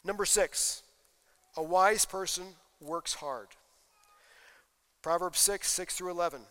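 Pastor, male, emphatic sermon delivery, high bright voice, echoing sanctuary. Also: takes it slowly, pauses often. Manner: emphatic preaching, quoting scripture, rising to loud peaks. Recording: long reverb of a hall.

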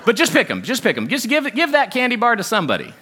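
Animated preacher with a bright voice. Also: male voice, very high voice, fast talker. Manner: animated, talks with the congregation and asks questions often. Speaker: pastor. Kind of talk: sermon with audience interaction. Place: church sanctuary.

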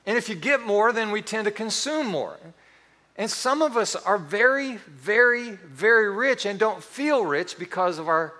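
A middle-aged man preaching a sermon, telling animated stories with acted-out quotes. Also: sits high, unhurried, in a large hall. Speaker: pastor.

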